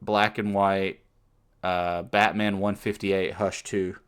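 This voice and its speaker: A man co-hosts a relaxed podcast conversation. His voice sits very low, and he talks in an even, unhurried way. He keeps reaching for ums and uhs as he thinks aloud. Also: clean tone. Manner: measured, with many fillers. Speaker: podcast co-host. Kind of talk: casual chat.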